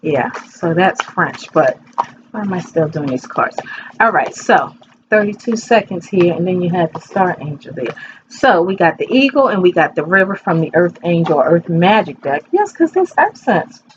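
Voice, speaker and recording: A woman's voice: fairly low pitch, big pitch swings, moderate pace, lo-fi sound, noisy background. A woman in her fifties doing a casual tarot reading from her bedroom, chatty and rambling, talking straight to her viewers. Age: 50s. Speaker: tarot reader. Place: bedroom at home.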